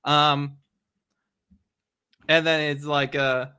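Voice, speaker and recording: Slightly high, bright man in easy chat. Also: level tone, very slow, smooth. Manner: laid-back, laughing, quotes characters. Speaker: host. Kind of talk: casual chat about comics.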